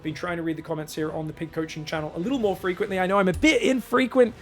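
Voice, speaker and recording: A man coaching viewers through a game replay, emphatic and animated, sometimes mimicking a panicked inner voice. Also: high voice, rapid-fire. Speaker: StarCraft coach. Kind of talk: replay analysis and coaching talk.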